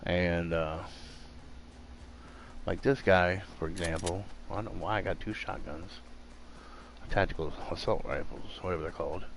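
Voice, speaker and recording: A man's voice: low voice, steady tone, moderate pace, long pauses, slight background noise. A man chatting casually while playing a game at home, rambling with many fillers and restarts. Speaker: gaming streamer. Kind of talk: casual chat while gaming. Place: home room.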